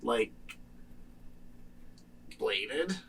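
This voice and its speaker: A man playing a tabletop game who cracks deadpan jokes. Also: mid-range voice, extremely slow, distant mic, slight background noise. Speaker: player.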